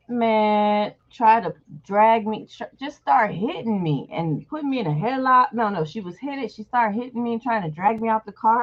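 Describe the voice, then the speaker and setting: Woman telling a blunt personal story. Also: mid-range voice. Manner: candid and blunt, swears freely. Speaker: channel host. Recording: dull lo-fi recording.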